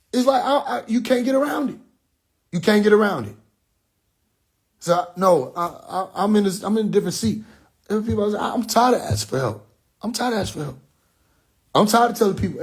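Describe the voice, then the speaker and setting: A husky man vents in a vlog rant. His voice sits a little high, and he swears freely and circles back to the same lines again and again. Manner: agitated, profane, repeats himself. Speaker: rapper and online commentator.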